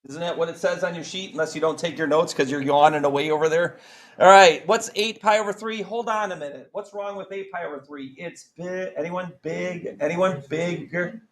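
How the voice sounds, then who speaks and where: A man's voice: a little high, moderate pace, rough recording. A man teaching a math class, joking around and quizzing students with countdowns. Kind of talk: classroom lesson.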